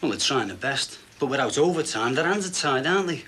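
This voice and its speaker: An actor playing a harried, defensive shop steward with a curt manner. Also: male voice, mid-range voice, expressive, brisk, sharp tone. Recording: TV drama with clear background noise.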